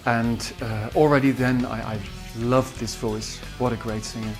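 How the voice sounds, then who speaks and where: A man with a Dutch accent, a musician recalling studio sessions in a halting way with many fillers. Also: mid-range voice, fairly even intonation, over music. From Netherlands. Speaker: musician and producer. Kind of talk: behind-the-scenes recollection.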